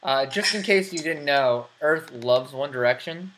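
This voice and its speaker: Chatty, laughing American host. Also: male voice, on the high side, unhurried, a bit bright, slight background noise. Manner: chatty, laughs a lot, rambling asides. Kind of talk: casual interview chat. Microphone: computer mic over a voice call.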